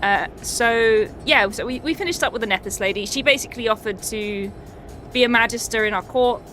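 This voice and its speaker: A woman's voice: a little high, brisk, fairly bright tone, faint music behind. A woman streamer chatting casually, swearing and laughing often as she recaps a tabletop game.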